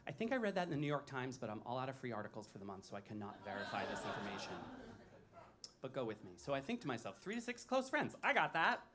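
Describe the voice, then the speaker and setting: A man's voice: medium pitch, fairly bright tone, slight background noise. A man in his late thirties doing wry, self-deprecating cabaret patter and show tunes on a live stage. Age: 30s. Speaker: cabaret performer. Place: music venue stage.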